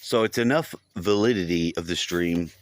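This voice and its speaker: A vlogger with a low voice recounts a long dream at normal speed. His monologue is rambling and casual, full of swearing and repetition.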